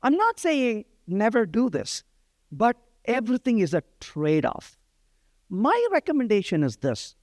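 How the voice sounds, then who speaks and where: Animated man teaching code. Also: high-pitched, a little slow, no room sound, clean studio sound. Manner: conversational, many "right?" check-ins. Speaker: programming instructor. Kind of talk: live-coding lecture.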